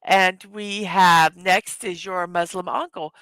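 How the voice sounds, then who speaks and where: A tired, hoarse woman hosting a casual morning livestream, greeting her chat viewers one by one. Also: on the low side, fairly even intonation, takes it slowly, fairly bright tone, dry recording. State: tired from little sleep. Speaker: livestream host.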